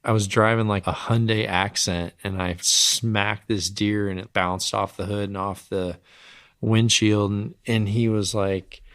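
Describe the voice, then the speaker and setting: Gravelly low-voiced man telling stories. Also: measured pace, no room sound, clean studio sound. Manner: relaxed storytelling, acts out quotes. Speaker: guest, professional archer. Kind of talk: casual interview chat.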